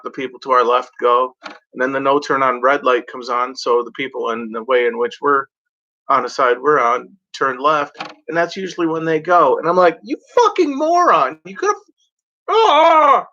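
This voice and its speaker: A man's voice: medium pitch, steady tone, moderate pace, pushed and bright. A man in a rambling, profane vlog rant, talking casually at home in front of a blanket. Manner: rambling, profane, mock-voices other drivers. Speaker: vlogger. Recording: dull lo-fi home recording.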